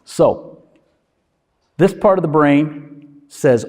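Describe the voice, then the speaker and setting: A male doctor gives a relaxed, conversational lecture, often pausing to ask if his listeners follow. His voice sits a little high and swings widely in pitch as he slips into quick voiced asides. The sound carries a long reverb tail, like a large lecture hall. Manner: checks in with listeners with frequent "okay?". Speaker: physician lecturer.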